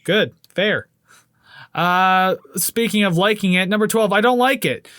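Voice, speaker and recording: A man with a notably high voice co-hosts a laid-back album review podcast. He rambles and jokes, leaning on "like" and "I mean" as he goes. The sound is dry and close, with no room around him. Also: a little slow, a bit bright, no echo. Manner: rambling, filler-heavy, joking. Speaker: podcast co-host. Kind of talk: casual album review chat.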